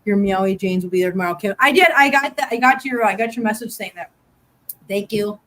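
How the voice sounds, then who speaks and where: A woman's voice: medium pitch, fairly quick, a bit bright. A woman hosting a casual live-stream chat from home, laughing often and cooing at her cats. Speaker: host.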